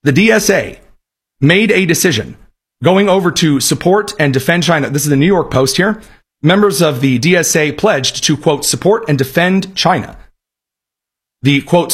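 A man's voice: a little high, fairly bright tone, husky. A man hosting a political talk radio show, giving sarcastic, emphatic commentary, his voice a bit worn tonight.

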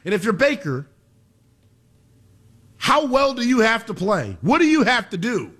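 A man's voice: very high-pitched, very animated, measured pace, a bit bright. A man hosting a sports talk show, blunt and emphatic, firing off rhetorical questions.

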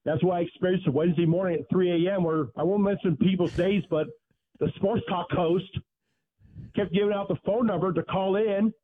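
A man's voice: sits high, fairly even intonation, fairly quick. A man calling in to a sports radio show, chatty and a bit complaining. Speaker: caller. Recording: tinny phone line.

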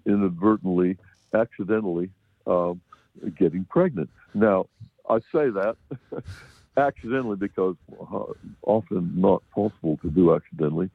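A man's voice: low-pitched, vocal fry, dry recording. An American man giving a rambling, laughing film review on a community radio show. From United States. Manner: rambling, laughs often, many fillers. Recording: tinny phone line.

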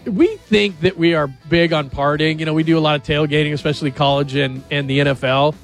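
A male radio host with a somewhat high, gravelly voice talks in a loose, jokey way and keeps tossing questions to his co-hosts. Light guitar music plays faintly under him. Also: fairly even intonation, fairly quick. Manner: chatty, jokey, asks the others questions. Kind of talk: casual radio chat.

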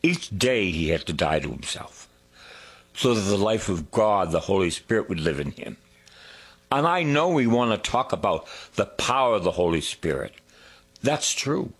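A man preaching a sermon, drawing out his words, singing a hymn line and dropping to hushed whispers. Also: on the low side, very animated, husky. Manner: slow, drawn-out preaching with sung lines and hushed whispers.

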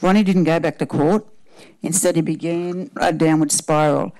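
Aussie woman reading her own story out, gravelly low-key voice, dark tone, steady pace. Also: normal speed, low-quality recording. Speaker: panel guest reading her own writing. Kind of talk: reading a personal story aloud.

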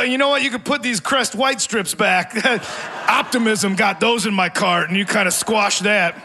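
A man's voice: high voice, a little slow, crowd noise, noisy background. A man in his forties performing a rambling, self-mocking stand-up set on a theater stage, often laughing through his lines. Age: 40s. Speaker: stand-up comedian. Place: theater stage before a live audience.

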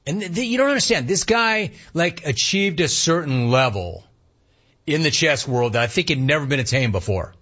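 A man's voice: on the high side, moderate pace, husky, dull audio. A man hosting a radio talk show, riffing animatedly and reading listener emails aloud. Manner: animated, riffing, mock-incredulous. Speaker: radio host.

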